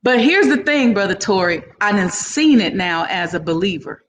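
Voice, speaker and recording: Woman guest, middle-pitched voice, animated storyteller who plays out each person's lines, loose casual phrasing. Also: normal speed. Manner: animated, acts out other people's lines in the story. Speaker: entrepreneur guest.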